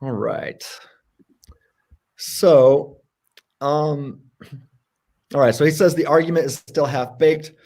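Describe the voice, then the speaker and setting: A man co-hosting a casual livestream debate, talking in an animated, sarcastic way. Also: slow pace, pauses often. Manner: animated and sarcastic, jumps in pitch for emphasis. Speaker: co-host.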